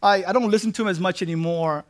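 High-voiced preacher with rising emphatic peaks. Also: male voice, fast. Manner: rises to loud emphatic peaks, conversational asides; frequent restarts and "right?" check-ins. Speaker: pastor. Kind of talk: sermon.

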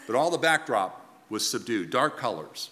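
A man preaching a sermon in an earnest, emphatic way, with pauses and restarts as he presses his points. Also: medium pitch, sing-song, pushed and bright, in a large hall. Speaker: pastor.

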